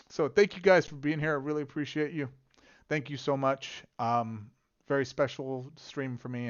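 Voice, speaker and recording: Smooth-voiced man chatting on stream. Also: mid-range voice, lo-fi sound. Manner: rambling, warmly chatty, drops quiet and soft on sad moments. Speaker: game streamer host. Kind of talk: casual live-stream chat and personal storytelling.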